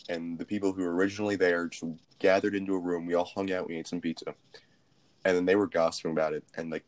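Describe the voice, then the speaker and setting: A young man co-hosting a podcast, telling a rambling, profane story in casual chat. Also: low-pitched. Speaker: podcast co-host.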